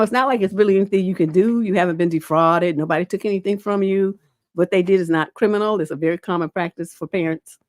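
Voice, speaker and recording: A woman's voice: lowish voice, a little mellow, dry recording, studio quality. Blunt, casual woman relationship coach. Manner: blunt, casual, peppered with "you know". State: lingering cough. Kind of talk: livestream advice show, reading and answering questions.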